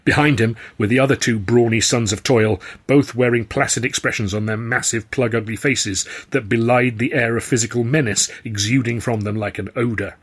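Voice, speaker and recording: A man's voice: medium pitch, steady tone, normal speed, few pauses, husky. A man reading his own novel aloud in the first person, with a wry storytelling manner. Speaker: author and narrator. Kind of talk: audiobook narration, first person.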